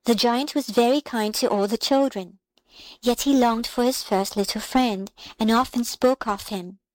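A woman reading a fairy tale aloud in a calm, measured storybook style. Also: fairly high pitch, no echo, rough recording.

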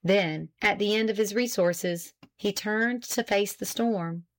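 Measured woman narrating a classic novel. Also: medium pitch. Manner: measured, even storytelling. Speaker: audiobook narrator. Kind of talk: scripted narration.

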